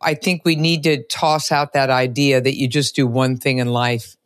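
A woman's voice: rumbling low, steady tone, moderate pace, no room sound, clean studio sound. A middle-aged woman hosting a podcast interview, talking with energy and emphasis. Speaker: podcast host. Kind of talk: enthusiastic interview chat.

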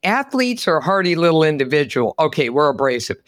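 Animated, chatty woman podcast host. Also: sits low, fast, no echo. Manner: animated, chatty storyteller, exclaims. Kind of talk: casual interview chat.

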